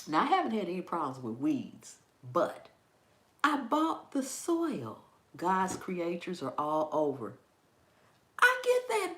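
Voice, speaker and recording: Hosting a gardening channel, a woman chats casually with her viewers and tells a story animatedly. She laughs and exclaims a lot, her pitch swinging high and low, and the recording sounds like it's in an echoey room.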